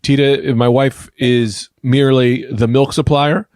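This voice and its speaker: A man riffing through an improvised comedy podcast, rambling and deadpan-absurd, speaking into a studio microphone. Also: medium pitch, a little slow, no echo. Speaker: podcast co-host.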